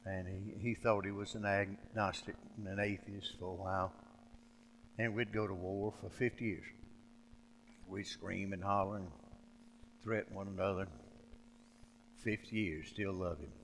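An older man preaching a sermon, folksy and storytelling, swinging between loud preaching and quiet asides. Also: deep voice, fairly even intonation, measured pace, pauses often, slight background noise. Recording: long hall reverb.

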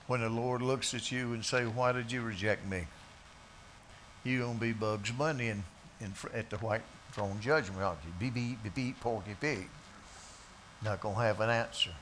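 A man preaching a sermon in a bar, swinging from quiet asides to loud, drawn-out scripture quotes. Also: medium pitch, slight background noise.

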